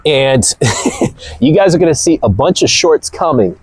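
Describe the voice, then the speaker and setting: Energetic male host in his forties, husky and gravelly, animated casual rant. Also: on the high side, brisk, no room sound. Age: 40s. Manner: loud, energetic, laughs often. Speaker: motivational video host.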